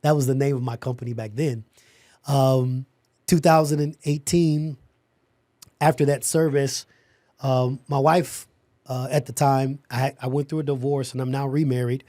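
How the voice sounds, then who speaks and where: A man, a guest on a podcast, tells his own story in an animated, emphatic way, often repeating words and restarting sentences. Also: mid-range voice, moderate pace, no echo, studio quality. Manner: animated, emphatic, laughs as he talks. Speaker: podcast guest, security company owner. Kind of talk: personal storytelling in a conversation.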